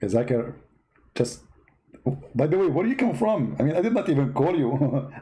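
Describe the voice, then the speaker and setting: A sarcastic man from the Middle East hosts a comedic monologue, mocking as he goes. His voice sits a little high. His pitch swings widely. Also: very animated, normal speed, warm tone, rough recording. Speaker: religious debate video host.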